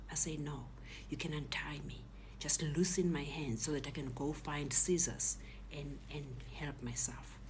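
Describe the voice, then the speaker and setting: A woman recounts a personal ordeal in a low, breathy half-whisper. She voices the people in her story as she goes. Faint noise sits under the recording. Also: darkish tone.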